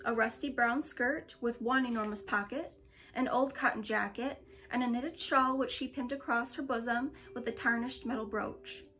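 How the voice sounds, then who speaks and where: A woman's voice: on the high side, fairly bright tone. Woman reading a storybook aloud. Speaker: storybook reader.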